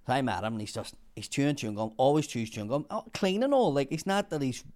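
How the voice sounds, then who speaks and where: A man's voice: mid-range voice, expressive, fast talker, darkish tone. A man telling a long, rambling story, swearing often. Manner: rambling, heavy swearing, laughs through the story. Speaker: guest storyteller. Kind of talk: casual storytelling.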